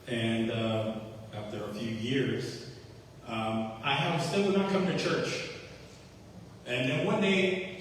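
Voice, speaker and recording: Earnest guy giving his testimony at church, voice far off and super echoey, long hall reverb. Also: mid-range voice. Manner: earnest, repeats phrases, acts out quoted dialogue. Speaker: testimony speaker at a faith-based recovery meeting. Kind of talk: personal testimony. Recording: echoey hall, distant mic, faint hiss.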